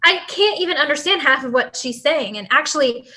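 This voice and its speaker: A woman's voice: sits high, lively intonation, a little fast, bright, forceful tone. A young woman guesting on a podcast in casual chat, opinionated and emphatic.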